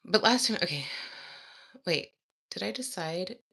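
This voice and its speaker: A woman's voice: fairly low pitch, lively intonation, takes it slowly, creaky, sharp tone, breathy edge. A woman chatting to viewers in a casual study vlog, reading practice exercises aloud and giggling as she works. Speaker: language learner vlogger.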